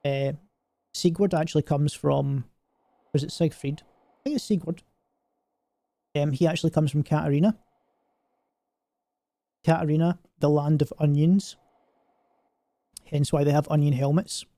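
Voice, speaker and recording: A man's voice: fairly high pitch, fairly even intonation, measured pace, creaky, long pauses, dark tone, no echo. Rambling, jokey male game streamer. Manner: rambling and joking, lots of filler words. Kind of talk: casual gaming stream commentary.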